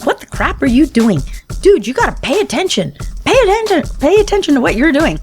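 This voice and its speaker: Brief: woman putting on an irate male cab driver, yelling, pitched up. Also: very animated, brisk, faint music behind. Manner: shouting, indignant. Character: angry male New York taxi driver, yelling.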